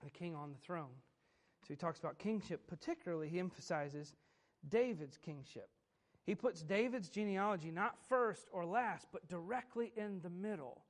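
A man preaching a sermon, emphatic and repetitive, asking rhetorical questions of his listeners. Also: sits high. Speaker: pastor.

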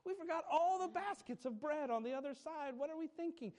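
A man voicing a flustered male disciple who frets in hushed, worried muttering. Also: extremely high pitch, fairly quick, voice pushed up. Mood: fretful whisper.

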